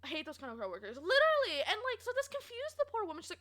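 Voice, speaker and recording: A young adult woman streaming, chatting casually and rambling through a story, quoting people in animated voices, laughing often and filling pauses. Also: extremely high pitch. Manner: animated and giggly, lots of fillers, quoting others in lively voices.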